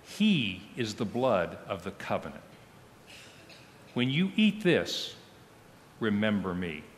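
Male pastor delivering a solemn sermon, slow and expressive, with long church reverb. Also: lowish voice, slight background noise. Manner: slow, solemn reading with falling, hushed phrase ends. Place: church sanctuary.

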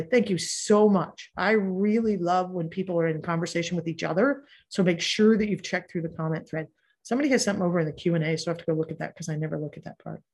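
Candid, husky-voiced woman coaching casually. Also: on the low side. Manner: candid, swears freely, laughs easily, quick asides. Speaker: productivity coach and podcast host. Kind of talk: casual live workshop talk.

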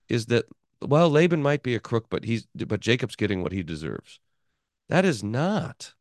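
A male pastor teaching a Bible class in an animated way, often restarting his sentences and chuckling. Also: medium pitch, gravelly, no room sound, studio quality. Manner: animated, chuckling, self-interrupting.

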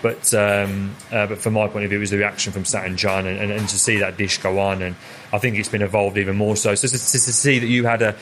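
Male chef guest, young adult, fast rambling interview talk, slightly low voice. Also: level tone, a bit bright, slight background noise. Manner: rambling, repeats words while telling stories. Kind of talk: casual interview chat.

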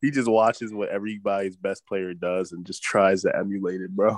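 A man's voice: low-pitched, little pitch movement, fairly quick. A man co-hosting a casual basketball podcast, slangy and playful, laughing often. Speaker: podcast co-host.

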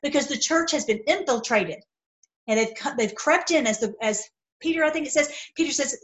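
A woman's voice: high-pitched, a little fast, rough recording. A middle-aged woman talking heatedly in a casual opinion monologue, with frequent restarts. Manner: impassioned, heated, repetitive restarts. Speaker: video commentator.

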